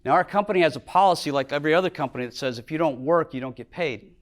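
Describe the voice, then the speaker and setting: Talking very fast, a middle-aged Minnesotan business owner delivers a motivational speech of earnest stories to a lecture hall audience, his voice sinking low and quiet in emotional moments.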